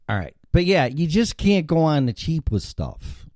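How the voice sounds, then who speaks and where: A man's voice: fairly high pitch, big pitch swings, moderate pace, few pauses, no room sound. Rambling, profane host in his fifties. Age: 50s. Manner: rambling and profane, thinks out loud. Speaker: show host. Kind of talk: casual livestream monologue.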